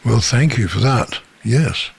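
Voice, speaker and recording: A man's voice: medium pitch, animated, a little slow, vocal fry, husky. An older man, a screenwriter, tells anecdotes in an interview in his office. He chuckles as he talks and acts out the voices of people in his stories. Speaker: screenwriter and producer.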